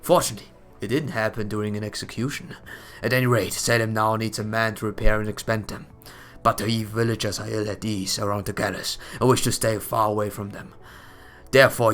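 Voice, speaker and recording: Guy doing a cold sneering old judge, low and hushed, slow and measured, game dialogue. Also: level tone, soft background music, close to an everyday voice. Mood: cold, scornful. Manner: quiet, measured, contemptuous. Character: stern cold older male witch-hunting judge.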